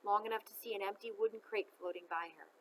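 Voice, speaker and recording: A woman reading a children's novel aloud, expressive and chatting to listeners between chapters. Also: mid-range voice, fast talker, slight background noise, poor audio.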